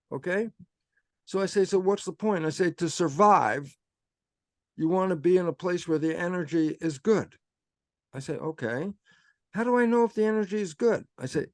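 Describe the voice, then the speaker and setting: Older male guest, lively explainer, slightly high voice, dry sound. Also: dry recording. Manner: animated, acts out his own inner dialogue. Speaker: guest speaker. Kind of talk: conversational explanation.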